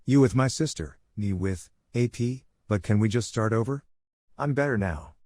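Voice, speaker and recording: A man reading the lines of a young woman, an ex-girlfriend begging to start over, in his own low voice with little change. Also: moderate pace, a little mellow, dry recording, natural voice. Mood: pleading. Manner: pleading, apologetic. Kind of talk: read-aloud dialogue in a story.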